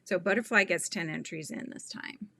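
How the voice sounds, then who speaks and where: A woman's voice: lowish voice, normal speed, pushed and bright, slight background noise. A woman hosting a casual live stream, chatting and laughing often in a scatterbrained, friendly way. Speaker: livestream host.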